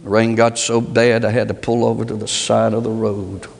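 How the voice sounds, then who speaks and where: A man preaching a sermon, moving between low, measured reflection and high, pleading rhetorical questions. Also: little pitch movement, creaky. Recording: long hall reverb.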